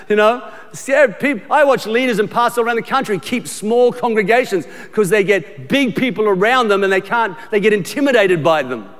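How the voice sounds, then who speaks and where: A middle-aged Australian man preaches in a fairly high voice, emphatic and repetitive, restarting sentences as he talks to the congregation. His voice carries a long reverb through a large church auditorium. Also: animated, normal speed, few pauses, fairly bright tone. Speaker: pastor. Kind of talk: sermon.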